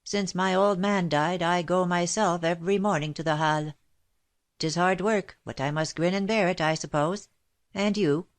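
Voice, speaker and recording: A woman reading aloud, voicing a stout, rough but kindly old market woman with a gruff, authoritative manner. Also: fairly low pitch, moderate pace, natural voice. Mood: brusque.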